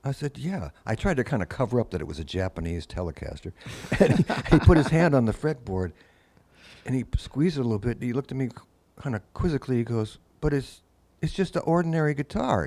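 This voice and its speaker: A man's voice: mid-range voice, fairly quick, slightly rough. An older man, a guest musician, telling long anecdotes in casual conversation and acting out the people he quotes. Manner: anecdotal, animated quoted voices. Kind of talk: casual storytelling.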